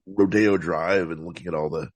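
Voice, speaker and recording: A man talking about films as a podcast guest, in a thoughtful, meandering way with frequent halting restarts. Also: low voice, steady tone, no echo. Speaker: podcast guest, film critic. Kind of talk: casual film discussion.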